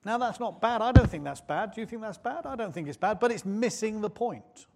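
Guy giving a sermon, high voice, keeps asking the congregation stuff. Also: expressive, brisk, creaky, darkish tone. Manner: conversational, asks the congregation questions. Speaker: preacher. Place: church.

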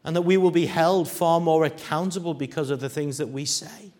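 Preacher with sweeping dramatic delivery. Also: male voice, fairly high pitch, fairly quick. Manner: dramatic shifts from hushed to loud, acting out quoted voices. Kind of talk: sermon.

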